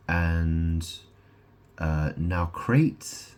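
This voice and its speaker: A man giving a rambling solo monologue, making grand declarations, then reading aloud haltingly and stumbling over names. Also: low-pitched, expressive, a little mellow, husky. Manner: meandering, self-interrupting, reads aloud haltingly. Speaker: self-styled spiritual speaker.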